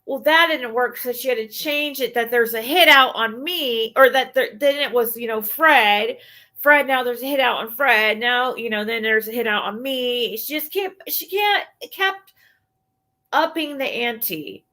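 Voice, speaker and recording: A woman's voice: a little high, a little slow, pushed and bright. Blunt, fed-up woman ranting on stream. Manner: blunt, profane, exasperated ranting. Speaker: livestreamer addressing chat. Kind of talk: casual livestream rant.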